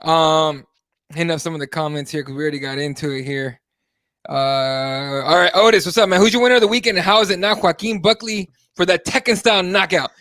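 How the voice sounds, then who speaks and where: A man hosts a casual podcast, talking bluntly and swearing as he goes. His voice sits high and sounds bright and cutting. The sound is dry and close to the mic. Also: fairly quick, no room sound. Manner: blunt, profane, animated. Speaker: podcast host.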